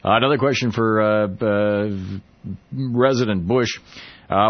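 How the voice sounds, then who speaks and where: Halting, sarcastic male radio host. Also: fairly low pitch, fairly even intonation, lo-fi sound. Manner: halting, many restarts, sarcastic. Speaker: radio talk show host. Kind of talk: political talk radio monologue.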